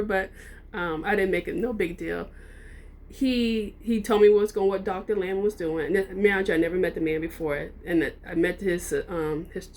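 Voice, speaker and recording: A woman vlogger telling a personal story in a casual, rambling way, with frequent ums and restarts. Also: medium pitch.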